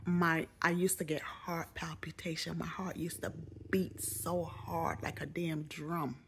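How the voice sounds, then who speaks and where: A middle-aged woman with a low, gravelly voice recounts a personal story straight to camera, casual and animated. She jokes as she goes and jumps into raised voices when quoting people. A faint hiss sits under the close recording. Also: measured pace. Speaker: vlogger.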